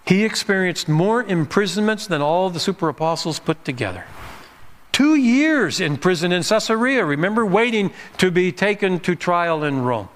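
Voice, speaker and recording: A man's voice: high-pitched, lively intonation, normal speed. A man preaching a sermon as pastor, emphatic, pushing his voice up on key points and sometimes restarting words.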